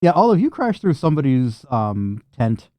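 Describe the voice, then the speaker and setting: A man's voice: medium pitch, normal speed, no echo. Laughing, foul-mouthed man running a game. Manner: laughs often, swears freely, animated voices for scenes. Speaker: game master. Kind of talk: narrating a tabletop game.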